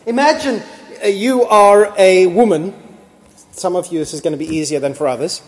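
A man preaching a sermon in a church hall, animated and emphatic, building at times to near-shouting. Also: high-pitched, moderate pace. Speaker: pastor. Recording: long hall reverb.

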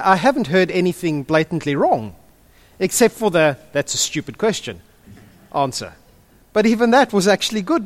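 High-voiced joking pastor man. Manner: jokey, animated, quick asides. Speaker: pastor leading a group session. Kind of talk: interactive church teaching.

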